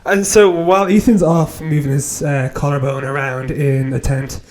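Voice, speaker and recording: A man's voice: fairly high pitch, fairly even intonation, normal speed, darkish tone, a little hiss or hum. A young man co-hosting a podcast, laid back in casual chat, adding short remarks and asides. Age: young adult. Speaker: podcast co-host.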